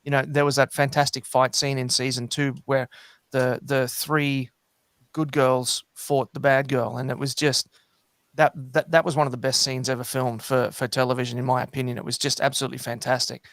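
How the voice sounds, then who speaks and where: Smooth, even-voiced New man. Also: mid-range voice, moderate pace, no echo. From New Zealand. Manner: hesitant, many fillers and restarts. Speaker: podcast guest. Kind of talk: casual chat.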